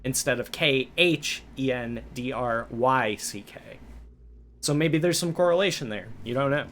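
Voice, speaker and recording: A man's voice: mid-range voice, unhurried, a bit bright, a little hiss or hum. A man running a tabletop game on a live stream, explaining lore in a loose way with many fillers. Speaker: game master.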